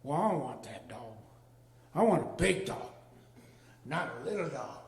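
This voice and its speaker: An older man telling a comic story on stage in a folksy, deadpan drawl. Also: a little high, moderate pace, vocal fry. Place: arts venue stage with a live audience. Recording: echoey hall with long reverb.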